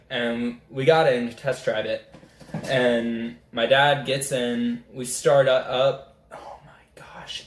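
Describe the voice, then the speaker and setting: Excitable young guy in echoey room. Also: medium pitch. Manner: excitable, rambling, animated retelling. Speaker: vlogger. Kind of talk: casual storytelling.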